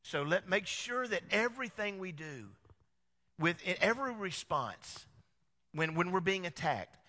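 Male pastor, sermon delivery, bright voice, long hall reverb. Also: sits high, unhurried. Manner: animated preaching with rhetorical questions.

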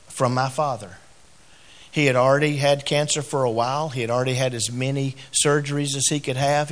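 A middle-aged man preaching a sermon as a pastor. He tells a personal story in quiet, halting phrases and grows louder and higher when he exhorts.

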